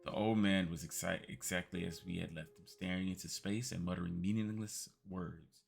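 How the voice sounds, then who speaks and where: A man streaming, reading a text game aloud as a calm bedtime story with quiet asides. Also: low-pitched, normal speed, gravelly.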